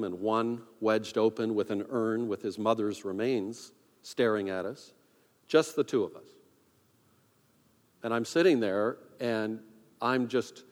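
A man, a pastor, telling a personal story in a sermon, conversational and self-deprecating, acting out his own inner thoughts. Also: mid-range voice. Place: church sanctuary. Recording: long reverb of a large hall.

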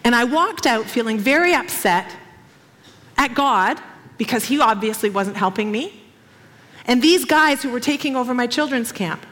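A woman preaching to an audience in an animated, expressive storytelling style, acting out quotes. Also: a little high, normal speed, long reverb tail. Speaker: speaker, former missionary. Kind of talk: sermon storytelling.

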